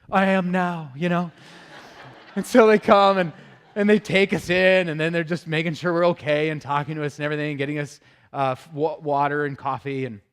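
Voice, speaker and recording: A man from Minnesota, an Army veteran speaking at a church, telling a funny story in an animated, self-deprecating way and laughing as he talks. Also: a little high. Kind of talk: humorous storytelling talk.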